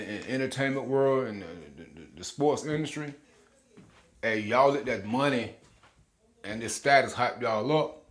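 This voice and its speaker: A man teaching scripture informally in his own videos, emphatic and slangy, often repeating words and chuckling. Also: medium pitch. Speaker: bible teacher making videos.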